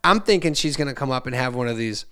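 Talking fast in a clean, mid-range voice, a podcast co-host in his forties meanders through a long family tale during casual chat. He keeps restarting and adding asides, loudly and animatedly acting out family members in different voices.

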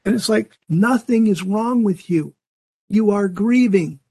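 Casting: older male Bible teacher, high-pitched, earnest and conversational, restarts sentences often. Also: unhurried, mellow, slightly rough.

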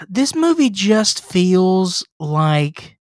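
A man with a high voice speaks very slowly in a studio-quality recording with no room sound. Co-hosting a film-review podcast, he gives a casual, sarcastic, profane comedic recap of a movie he disliked, telling it in an animated way.

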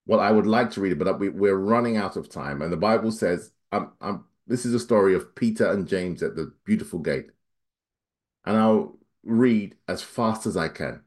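A man preaches a sermon dynamically, his voice climbing high for emphasis before dropping low and quiet. He reads scripture at a quick clip.

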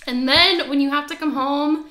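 A woman's voice: high-pitched, steady tone, moderate pace, sharp tone, roomy sound. A woman co-hosting a podcast in casual chat, teasing and laughing often. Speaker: podcast co-host.

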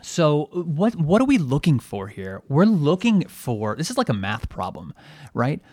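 A man's voice: on the high side, wildly swooping pitch, unhurried, a little mellow, no room sound. A man hosting a podcast, a periodontist giving a conversational coaching monologue to dental teams, asking rhetorical questions and poking fun at himself.

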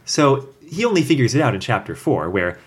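A man's voice: mid-range voice, big pitch swings, brisk, breathy edge. A man casually discussing a book chapter with friends, rambling and filling with "like" and "you know". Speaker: podcast co-host discussing a book.

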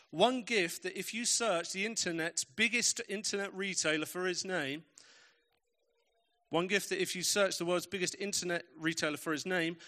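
A man's voice: sits high, sharp tone. A man preaching a sermon, telling stories with emphatic, varied pacing.

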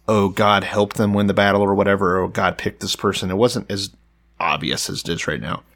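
A man's voice: on the low side, fairly even intonation, brisk, gravelly, fairly bright tone. A man co-hosting a casual, irreverent Bible podcast, joking and swearing, and reading scripture passages aloud. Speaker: podcast co-host.

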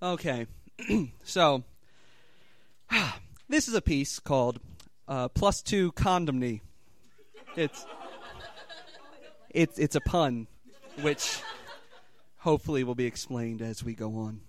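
A man reading his comic fan fiction on stage, hesitant at first and clearing his throat, tossing quips at the audience. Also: medium pitch, animated, slow, pauses often. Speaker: performer reading his piece.

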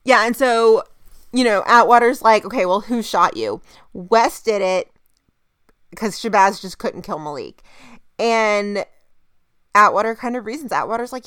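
Woman, young adult, podcast co-host, casual chat, animated retelling, dry close sound. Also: medium pitch, unhurried, clean tone, no echo. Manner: chatty, animated retelling with quoted voices. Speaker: podcast co-host recapping a TV episode.

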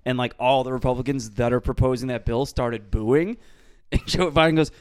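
A man's voice: mid-range voice, moderate pace, clear, resonant tone, no room sound. Swearing man telling stories, dry sound. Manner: profane, animated storytelling with quoted voices. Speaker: podcast co-host. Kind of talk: casual chat.

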